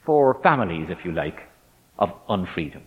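A man's voice: low-pitched, sing-song. Man giving a reflective faith talk in a hall. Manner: measured and emphatic, stretching key words. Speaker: speaker addressing ministers. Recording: dull lo-fi recording in a reverberant hall.

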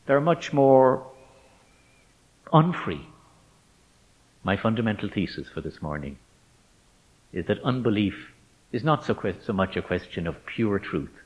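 Man giving a reflective faith talk in a hall. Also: fairly low pitch. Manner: measured and emphatic, stretching key words. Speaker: speaker addressing ministers. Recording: dull lo-fi recording in a reverberant hall.

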